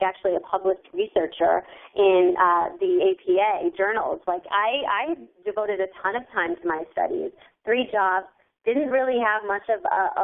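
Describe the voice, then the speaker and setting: A young woman leading a motivational training call, earnest and chatty, at times getting emotional. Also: mid-range voice. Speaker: team leader hosting a training call. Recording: phone-line audio.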